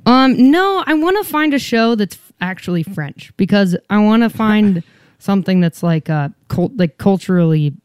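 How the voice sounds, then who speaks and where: A woman guest in casual chat, animated and self-mocking, swearing freely. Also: mid-range voice, normal speed, clear, resonant tone, no room sound, clean studio sound.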